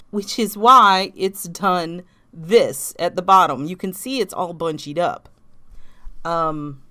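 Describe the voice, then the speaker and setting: A woman's voice: medium pitch, a bit bright. A woman with a Southern accent, a knitting vlogger chatting casually about her projects, rambling with restarts and small laughs. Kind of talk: casual chat.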